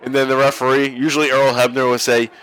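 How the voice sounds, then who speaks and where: A man's voice: mid-range voice, level tone, fast, a bit bright, smooth. A man co-hosting a podcast, calling a wrestling match in a crude, joking way and laughing often. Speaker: podcast co-host watching wrestling. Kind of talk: casual watch-along commentary.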